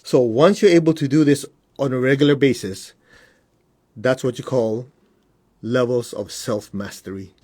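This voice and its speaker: A man who works as a spiritual teacher, giving a casual teaching on a live stream. He talks conversationally, keeps asking whether things make sense, and mimics his students in high voices. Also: fairly even intonation, moderate pace, long pauses, darkish tone, breathy edge. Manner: conversational, asks the audience whether it makes sense.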